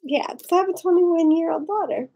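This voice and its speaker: A woman's voice: extremely high pitch, a little fast, warm tone, low-quality recording. A drunk woman in her forties hosting a casual live stream, rambling, giggling and reacting to viewer comments.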